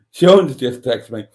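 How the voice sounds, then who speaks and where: A man's voice: fairly high pitch, a little mellow. A man with a Welsh accent hosting a casual live stream, chatty and self-mocking, laughing often.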